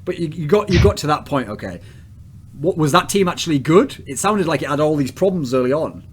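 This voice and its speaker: A man's voice: on the high side, lively intonation, fairly quick, slight background noise. An English man hosting a casual podcast chat, blunt, provocative and crude in his questions. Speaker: podcast host.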